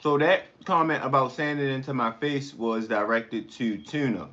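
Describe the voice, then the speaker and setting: A man's voice: medium pitch, normal speed, bright, forceful tone, muffled recording. A man hosting a casual live stream, eating while he talks back to comments in a rambling, blunt way. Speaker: livestream host.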